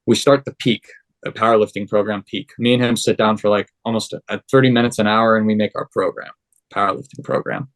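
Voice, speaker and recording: Talking fast in a fairly low voice, a young man shares his story casually on a podcast. He's animated throughout, performing the quoted dialogue of the people he describes.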